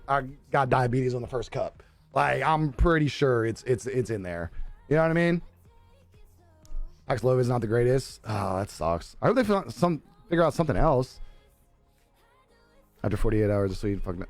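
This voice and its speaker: Young male streamer, loose and profane, lively pitch, dry close mic with faint music. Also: gravelly, dry recording. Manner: laid-back, profane, laughs often. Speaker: live streamer. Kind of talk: casual chat reading viewer comments.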